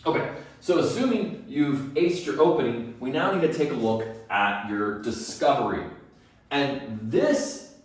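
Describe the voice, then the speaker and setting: Set back from the mic in a very echoey room, a dental practice phone coach teaches in an unhurried, expressive voice of medium pitch. He's emphatic and poses questions he then answers himself.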